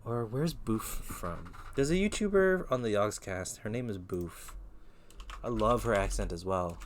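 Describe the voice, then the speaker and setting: Young man from the Philippines, streamer, low-voiced, relaxed slangy chat on a headset. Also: measured pace, a little hiss or hum. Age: 20s. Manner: laid-back, slangy, chatty. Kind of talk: casual live-stream chat.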